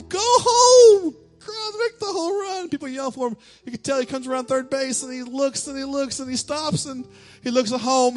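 A male pastor preaching a sermon in church, telling a lively story and calling out cheers in a raised voice. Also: very high-pitched. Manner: animated storytelling, shouting quoted cheers.

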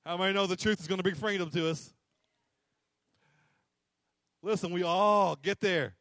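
A man's voice: high voice, normal speed, a bit bright, no echo, studio quality. A man preaching a sermon, emphatic and repetitive, acting out little quotes. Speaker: pastor.

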